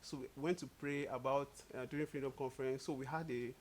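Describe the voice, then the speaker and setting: A young man talking casually with his partner, easygoing and quick to laugh, acting out little quotes as he tells stories. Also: medium pitch, fairly even intonation, slight background noise. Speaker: co-host. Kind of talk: casual couple chat.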